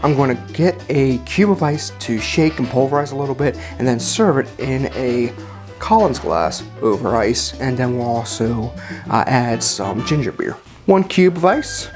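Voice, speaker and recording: A man's voice: mid-range voice, big pitch swings, measured pace, music in the background. Chatty man giving a cocktail tutorial. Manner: chatty and informal, with many fillers and self-corrections. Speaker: home bartender demonstrating cocktails.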